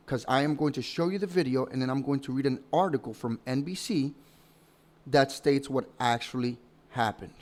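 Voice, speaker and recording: A man hosting a commentary video, speaking in a measured, dismissive way with some hesitations. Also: mid-range voice. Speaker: commentary channel host. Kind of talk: casual commentary.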